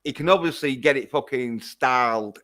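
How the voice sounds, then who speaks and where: A man's voice: medium pitch, moderate pace, a bit bright. A man giving a casual, rambling film review on a livestream, swearing constantly as he talks. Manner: rambling and heavily profane.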